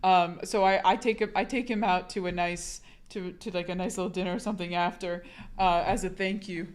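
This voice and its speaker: A young woman streamer with a hoarse, husky sick voice, rambling casually to her chat and swearing a lot. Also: on the low side, steady tone, fairly quick.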